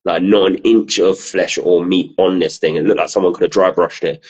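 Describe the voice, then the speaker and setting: Deep husky guy from the south of england, chatty, laughs a lot while telling stories. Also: steady tone, normal speed, darkish tone, dull audio. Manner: laughing storyteller, swears freely. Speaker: podcast co-host. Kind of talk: casual chat.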